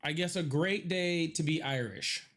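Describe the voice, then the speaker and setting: Joking, rambling man with a higher voice. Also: a little slow, a bit bright. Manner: rambling, joking, laughs often. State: stuffy from allergies. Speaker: live stream host. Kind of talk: casual chat to a live audience.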